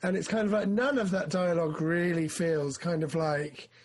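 Man, slightly high voice, husky, rambling casual chat, animated. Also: moderate pace. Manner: rambling, animated, acts out his excitement. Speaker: film discussion co-host.

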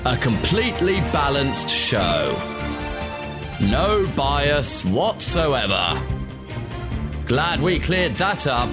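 A man's voice: medium pitch, big pitch swings, drawn-out words, long pauses, music in the background. A man voicing a mock radio station jingle announcer. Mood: announcing. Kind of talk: jingle voice-over.

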